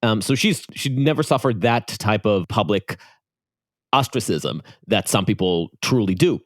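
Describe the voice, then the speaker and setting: A man's voice: on the low side, animated, measured pace, no room sound, clean studio sound. A man with an Israeli accent co-hosting a podcast, speaking thoughtfully with frequent restarts. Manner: thoughtful, hesitant with many restarts. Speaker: podcast co-host. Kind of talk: casual podcast chat.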